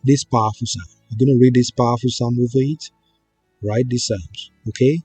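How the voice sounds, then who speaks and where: A man slowly teaching viewers a prayer ritual, coaxing them along and often checking in with "okay?" and "right?". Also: mid-range voice. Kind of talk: slow instructional prayer teaching. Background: soft background music.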